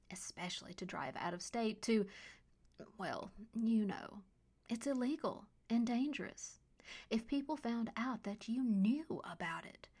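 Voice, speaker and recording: Scandinavian accent, cool clipped disapproving wife read by a woman, slightly gravelly. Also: fairly high pitch, a little mellow.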